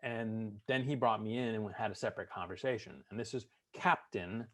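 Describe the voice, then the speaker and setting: A middle-aged veteran with a brisk, fairly bright voice on the low side tells funny stories in an interview. He acts out the characters in them, including drill instructor voices.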